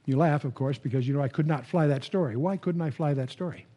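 A man gives a Bible lecture to a live audience, his voice pitched high for a man yet mellow and warm in tone. He talks conversationally, restarts phrases with repeated words and puts questions to the listeners. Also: quick pace. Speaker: Bible teacher.

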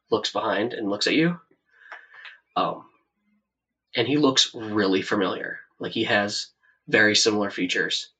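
A man running a tabletop game as game master, narrating in a soft-spoken, meandering way. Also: fairly low pitch, distant mic, low-quality recording. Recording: voice set back from the mic.

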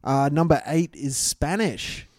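A young man co-hosting a podcast, reading out a list with teasing, deadpan asides. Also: fairly high pitch, slow, dry recording. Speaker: podcast co-host. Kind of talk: casual crude banter.

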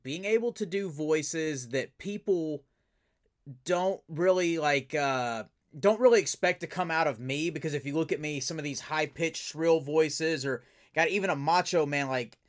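Upbeat, slightly high-voiced male host. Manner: enthusiastic, animated storyteller. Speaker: podcast host and voice actor. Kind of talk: casual interview chat.

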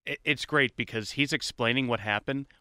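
Chatty guy hosting a podcast, bright crisp voice. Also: mid-range voice, normal speed, dry recording, studio quality. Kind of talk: casual podcast chat.

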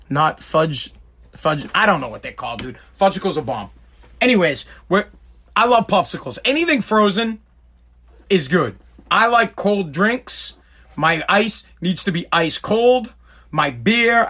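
A man with a high, bright voice riffs on whatever comes to mind. His delivery is blunt and chatty, with quick jokes and asides. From Boston, New England. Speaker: vlogger. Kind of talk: casual rambling monologue.

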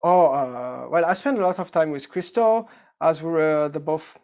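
This is a man with a French accent answering questions in English, a native French speaker. His voice is gravelly and sits a little high. He hesitates often and searches for the right words. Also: normal speed, darkish tone. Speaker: actor guest. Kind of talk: casual interview answers.

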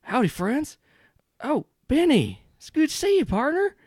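A man doing a gruff, friendly Southern circus man. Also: very high voice, wildly swooping pitch, a little slow, a little mellow, no echo, studio quality, voice pushed up, heavily acted. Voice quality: gruff yet welcoming, drawling. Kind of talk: tabletop role-play character voice.

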